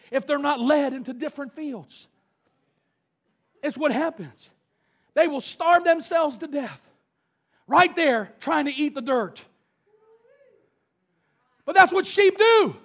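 High-voiced preacher shouting and whooping. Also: male voice. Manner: shouting bursts and whoops, then drops to low teaching tone. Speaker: pastor. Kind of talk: sermon. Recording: dull lo-fi sound.

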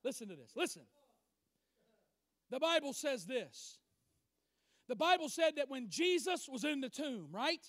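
A male preacher with a strikingly high voice delivers a sermon. He is emphatic, rising to loud declarations and falling to quiet asides. The sound is dry and close, with no room echo. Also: sing-song, measured pace, long pauses.

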